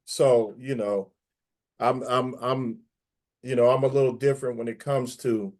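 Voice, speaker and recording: A man's voice: medium pitch, fairly even intonation, unhurried, a little mellow. A man speaking as a guest on an online panel, emphatic and opinionated, often repeating words. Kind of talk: casual panel discussion.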